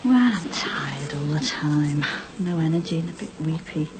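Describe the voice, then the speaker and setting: An actress playing a weary, low-spirited wife in a TV soap. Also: female voice, lively intonation, normal speed, rough recording. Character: tired, low-spirited wife, quietly hurt. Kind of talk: 1990s TV soap acting.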